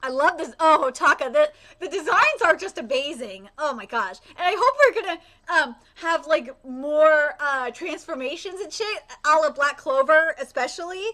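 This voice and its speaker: An excitable woman streamer reacts live, often shrieking and swearing freely. Her voice is very high and bright. Her pitch leaps around in a lively way. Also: moderate pace, few pauses.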